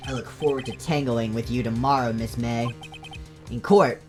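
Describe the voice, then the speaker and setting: A woman's voice: rumbling low, fairly even intonation, fairly quick, darkish tone. A woman streamer casually reading all the game's dialogue aloud in her own voice, joking between lines. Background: game music.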